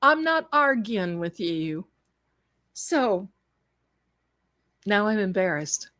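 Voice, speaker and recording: A woman from Tennessee, telling a story in a lively, laughing way on a live stream. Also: medium pitch, slow pace. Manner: animated, laughing, quotes others in put-on voices. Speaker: storyteller guest.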